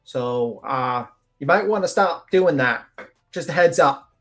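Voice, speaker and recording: A woman's voice: sits low, animated, unhurried. A woman hosting a livestream, giving brash, sarcastic, profane commentary over a clip. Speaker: livestream host.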